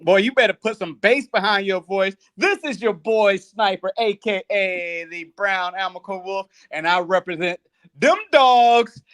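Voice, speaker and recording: Brief: male panelist, jokey and teasing, notably high pitch. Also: measured pace, a bit bright. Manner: teasing, joking. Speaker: co-host panelist. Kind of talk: casual sports talk.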